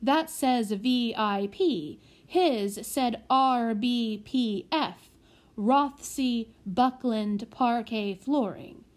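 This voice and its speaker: A woman's voice: on the high side, extremely slow. Woman playing a teary old butler. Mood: fond. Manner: old-fashioned phrasing, teary. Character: old male butler, sentimental and long-winded.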